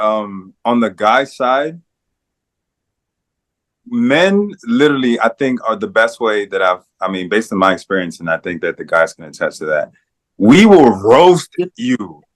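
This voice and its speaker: A man of middle pitch talking loosely on a podcast. He rambles and hesitates, and drops into quick impressions of his friends. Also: animated. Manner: rambling, hesitant, full of acted-out quotes. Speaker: podcast co-host. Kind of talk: casual chat.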